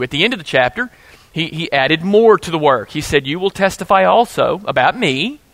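A man preaching a sermon as pastor, reading scripture and telling an animated story with frequent restarts. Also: fairly high pitch, no echo.

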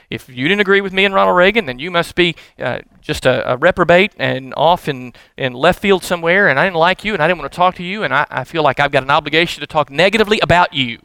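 A middle-aged man preaching a sermon with animated, emphatic bursts. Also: fairly high pitch, dry recording, rough recording. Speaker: pastor.

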